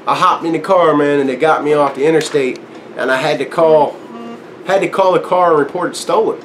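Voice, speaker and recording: A man's voice: on the high side, a little fast, a little hiss or hum. A man casually telling a long story, acting out the voices in it and laughing often. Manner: animated, acts out quotes, laughs often. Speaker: guest storyteller.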